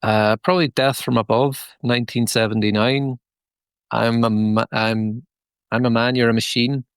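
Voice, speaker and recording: Gravelly Northern Irish man telling stories. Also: fairly low pitch, no room sound. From Northern Ireland. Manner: rambling, many restarts and fillers, relaxed storytelling. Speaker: band frontman, interview guest. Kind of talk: casual interview chat.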